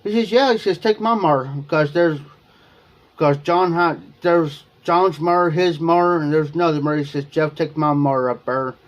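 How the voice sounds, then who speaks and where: A man with a fairly high, steady voice talks at a moderate pace on his livestream. He's from Ohio and casually spins a long, rambling personal tale, repeating things and quoting what was said, over dull-sounding audio.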